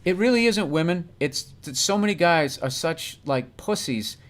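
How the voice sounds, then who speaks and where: A middle-aged man in casual comedic chat on a podcast, blunt and animated, acting out quoted lines as he tells stories. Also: on the high side, normal speed. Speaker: podcast guest.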